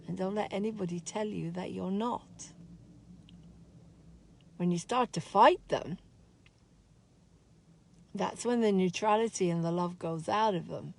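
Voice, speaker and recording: A woman teaching a spiritual course in a slow, soft, heartfelt way, openly sad as she talks. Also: medium pitch, vocal fry. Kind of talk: reflective spoken talk.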